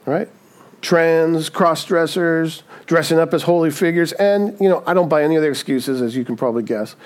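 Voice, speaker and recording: A man's voice: on the high side, a little fast. A man preaching a sermon in a conversational way, often asking "right?" and acting out quoted voices. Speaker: pastor.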